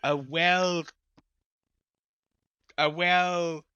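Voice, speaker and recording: A man's voice: on the high side, steady tone, pushed and bright, smooth, dry recording, highs cut off. A man with a French accent, guest on a podcast, chatting casually and searching for words. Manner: halting, searching for words, playful. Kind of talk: casual chat.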